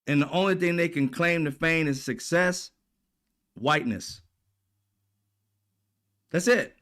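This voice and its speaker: A man's voice: fairly high pitch, slow, fairly bright tone. A man hosting political commentary, ranting in a blunt, profane, exasperated way.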